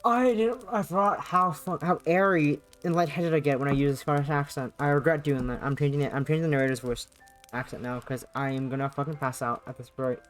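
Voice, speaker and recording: A woman's voice: deep voice, brisk, faint music behind. A woman streamer reading a visual novel aloud, stumbling over words with self-mocking asides.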